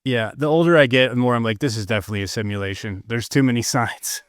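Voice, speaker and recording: A man hosting a podcast over a video call, talking in a relaxed, easygoing way with plenty of fillers. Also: mid-range voice, fast, no echo, studio quality. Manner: relaxed, laid-back, filler-heavy. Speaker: podcast host. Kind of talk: casual interview chat.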